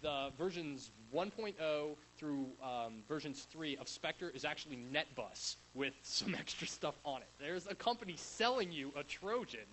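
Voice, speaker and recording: A man's voice: fairly high pitch, lively intonation, moderate pace, few pauses, a bit bright, slight background noise, poor audio. A young man giving a casual, rambling talk at a tech conference in front of a live audience, with many fillers and restarts. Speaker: conference speaker.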